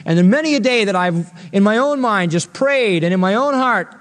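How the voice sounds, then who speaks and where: A man's voice: sits high, expressive, normal speed, big-room sound. A male pastor preaching an expository sermon, earnest and rising to emphatic peaks when quoting scripture.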